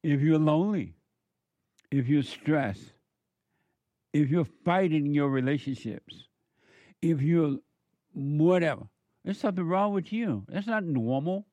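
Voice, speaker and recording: A man's voice: a little high, animated, unhurried, long pauses, dark tone, dry recording, lo-fi sound. A male counselor delivering a preachy monologue, firing off emphatic rhetorical questions in a scolding tone.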